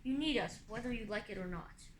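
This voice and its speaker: A woman doing a gruff guardian dragon. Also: a little high, expressive, fairly quick, lightly acted. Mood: insistent. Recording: echoey room, faint hum.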